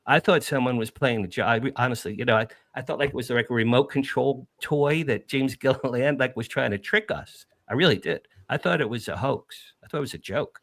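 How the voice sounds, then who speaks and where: A middle-aged man from New Jersey, a podcast guest, telling an emotional first-person story with animated, emphatic repetition. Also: mid-range voice, brisk, few pauses, no echo.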